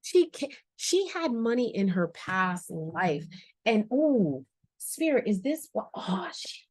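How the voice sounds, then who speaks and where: A woman's voice: medium pitch, very animated, takes it slowly, a little mellow, no room sound. A woman giving a casual tarot reading, musing aloud and chatting to her viewers with slangy asides. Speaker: tarot reader.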